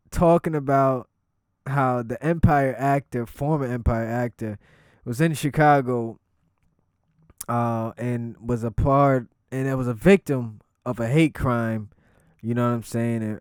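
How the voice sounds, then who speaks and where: A man's voice: medium pitch, a little slow, clear, resonant tone, dry recording, studio quality. A man hosting his own vlog, telling stories in a casual, profane way and breaking into laughter. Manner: animated, laughing storyteller. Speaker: commentary vlog host.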